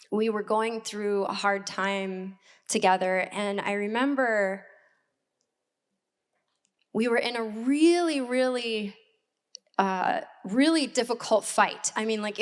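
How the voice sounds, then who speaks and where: A woman in her forties, an assistant pastor preaching a sermon in a church hall, candid and personal, with reflective pauses. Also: mid-range voice, clear, resonant tone.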